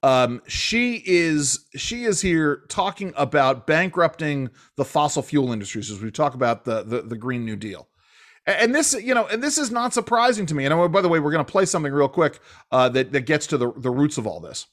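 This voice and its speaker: A man hosting a political talk show, speaking in a halting way with many restarts and fillers. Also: fairly high pitch, lively intonation. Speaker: radio talk show host.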